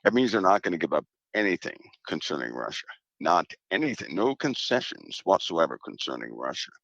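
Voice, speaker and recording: A man speaking as a guest in a casual conversation, measured and emphatic, often repeating his point. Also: sits low, sing-song, vocal fry, a bit bright, no room sound, lo-fi sound.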